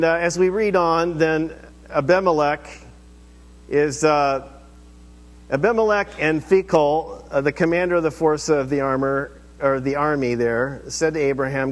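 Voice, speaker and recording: A man's voice: on the high side, moderate pace. A male pastor giving a sermon in a church, speaking conversationally and asking the listeners rhetorical questions. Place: church sanctuary. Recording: echoey hall reverb.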